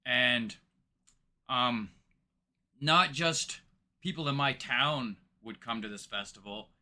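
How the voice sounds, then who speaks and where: A man's voice: mid-range voice, takes it slowly, pushed and bright. A man from Ontario, Canada, hosting a reaction video, talking casually and rambling with lots of hesitations. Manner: rambling, hesitant, many fillers. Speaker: reaction channel host.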